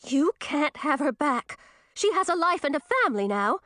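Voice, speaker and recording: A woman voicing a fierce, quick-tempered young woman who speaks heatedly. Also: a little high, fairly bright tone, clean tone, no room sound, studio quality, voice pushed up. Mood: defiant.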